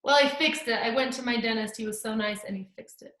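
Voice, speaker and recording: A woman's voice: fairly high pitch, fast talker, fairly bright tone. A woman teaching a live online art class to children over a video call, full of gushing, encouraging praise. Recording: echoey room.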